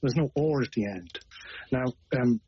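A man with an Irish accent, a guest on a radio discussion, explaining things in a measured way with small hesitations. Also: medium pitch, lively intonation, dark tone, slight background noise. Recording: dull lo-fi radio broadcast.

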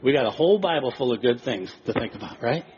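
A man preaching a sermon in an animated way, acting out quoted voices with chuckles. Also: medium pitch, quick pace, muffled recording, slight background noise. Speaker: pastor.

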